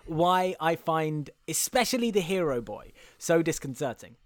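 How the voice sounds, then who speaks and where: A man's voice: fairly high pitch, very animated, moderate pace, no room sound. A young man with many ums and laughs, recapping a film as a casual comedy podcast co-host.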